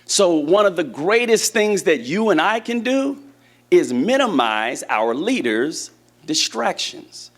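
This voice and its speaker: Lively man preaching. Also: sits high, slow. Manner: lively, conversational preaching with questions to the room. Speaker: church teacher. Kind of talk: sermon to a congregation. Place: church hall with a congregation.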